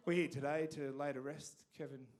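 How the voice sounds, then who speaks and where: A man's voice: on the high side, fairly even intonation, a little fast. A man with an Australian accent from Canberra doing a stand-up comedy set on a theatre stage, self-deprecating and stumbling over restarts.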